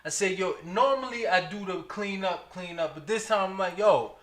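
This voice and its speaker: Lively bright-voiced man in an echoey room. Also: high-pitched, moderate pace. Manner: animated storytelling, repeats words. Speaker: co-host. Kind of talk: casual chat.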